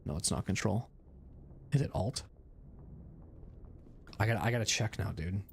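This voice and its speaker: A man's voice: fairly low pitch, moderate pace, gravelly, slight background noise. Rambling, chatty male gamer. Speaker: streamer. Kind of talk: casual gaming commentary.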